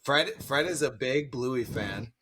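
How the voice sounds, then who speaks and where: A man co-hosting a relaxed podcast, with a voice that sits in an ordinary middle pitch. He talks in a coaxing, fatherly way, prompting and nudging the conversation along. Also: a little slow, husky. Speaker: podcast co-host. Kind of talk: casual podcast chat.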